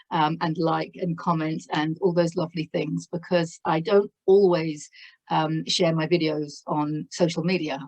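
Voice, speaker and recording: A woman's voice: lowish voice, darkish tone, low-quality recording. A woman giving a spiritual tarot reading to camera, effusive and exclaiming in wonder, laughing often as she talks. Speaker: tarot reader.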